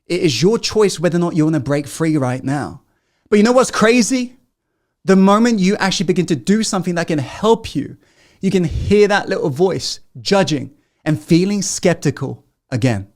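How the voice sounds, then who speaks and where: Man coaching in swinging loud-hushed bursts. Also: sits high, expressive, moderate pace. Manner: swings between loud rallying and hushed intensity; asks the audience constant questions. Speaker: self-help coach. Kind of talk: motivational masterclass talk.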